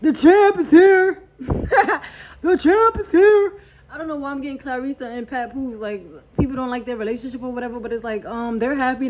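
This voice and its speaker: A woman's voice: a little high, narrow, tinny audio. Hyped slangy woman giving a spiritual reading. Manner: hyped, blunt, swears freely, slangy. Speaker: tarot reader. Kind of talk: casual spiritual reading vlog.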